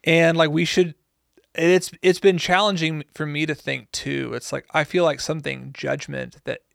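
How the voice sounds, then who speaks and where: Male co-host, gravelly voice pitched a bit high, animated and emphatic. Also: no echo, studio quality. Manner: animated, emphatic, quick to agree. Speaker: podcast co-host. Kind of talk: casual conversation about the Bible.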